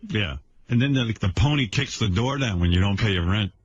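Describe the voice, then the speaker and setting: A man's voice: fairly low pitch, brisk. A man hosting a radio show, riffing in casual banter. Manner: animated, riffing on ideas. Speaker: radio host. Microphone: studio microphone. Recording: dull lo-fi radio broadcast.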